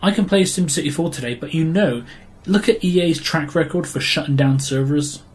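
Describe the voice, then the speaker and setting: An English man with a somewhat high voice co-hosts a casual gaming podcast. He talks bluntly and sarcastically, ranting opinions with dry jabs. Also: normal speed. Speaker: podcast co-host.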